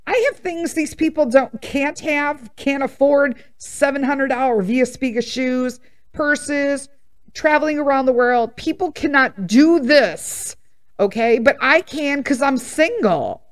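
A woman's voice: high voice, a little slow. Blunt, sassy woman telling stories. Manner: blunt, sassy and emphatic, laughs at own stories. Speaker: podcast host. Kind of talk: casual storytelling monologue.

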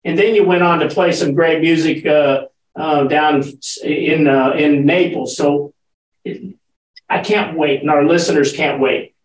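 A man co-hosting a radio show, leading into a story in a hesitant, halting way. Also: fairly high pitch, fairly even intonation, echoey room, poor audio. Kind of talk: casual chat.

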